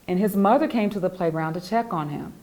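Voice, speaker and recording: A woman, the author, reading her children's picture book aloud in an expressive, animated storytelling voice. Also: fairly low pitch, fairly quick.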